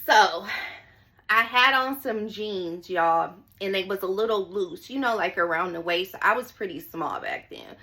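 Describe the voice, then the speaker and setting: Bright-voiced woman telling a story. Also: mid-range voice, measured pace. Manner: chatty, keeps addressing viewers as y'all; dramatic, repeats phrases for emphasis. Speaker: storytime vlogger. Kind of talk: casual storytelling to viewers.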